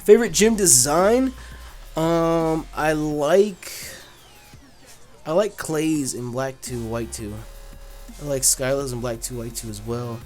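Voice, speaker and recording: A man's voice: a little high, slow pace, long pauses, darkish tone, soft background music. A man hosting a casual gaming channel, answering viewer questions in a laid-back, blunt way with lots of fillers. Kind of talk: casual Q&A chat.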